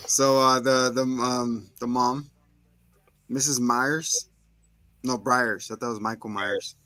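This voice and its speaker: A man co-hosting a casual podcast, retelling a movie with lively storytelling and quick voices for the characters. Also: mid-range voice, no echo. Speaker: podcast co-host. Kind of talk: casual movie review chat.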